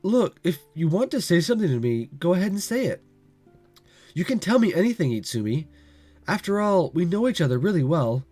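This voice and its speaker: A man with a cold voicing an evasive teenage boy in a visual novel reading, speaking lower than his own voice. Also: sing-song, brisk, darkish tone, slightly rough, soft background music, full character voice. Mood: defensive. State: has a cold.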